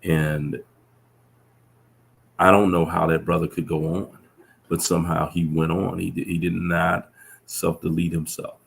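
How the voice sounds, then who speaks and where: A man's voice: flat delivery, a little slow, pauses often. A man, a professor, telling reflective stories in a casual conversation, earnest and full of restarts. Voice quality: deep gravelly voice. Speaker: professor, guest.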